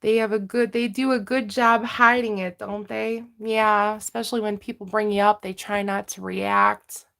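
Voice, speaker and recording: A woman's voice: mid-range voice, vocal fry, fairly bright tone. A woman tarot reader giving a livestreamed reading, speaking intimately and earnestly to her audience as a collective.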